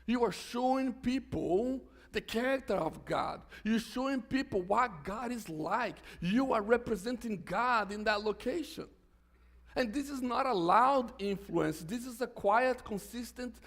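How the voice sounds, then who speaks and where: High gravelly-voiced male pastor preaching. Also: a bit bright. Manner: conversational, joking asides with restarts. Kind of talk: sermon.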